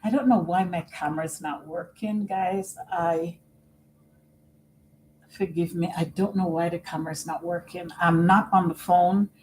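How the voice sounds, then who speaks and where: A middle-aged woman live-streaming on her computer at home, talking slowly and earnestly about caring for her father and often repeating herself. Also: fairly low pitch, steady tone, a little hiss or hum, low-quality recording. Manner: slow and earnest, repeats phrases. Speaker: vlogger and family caregiver. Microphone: computer microphone.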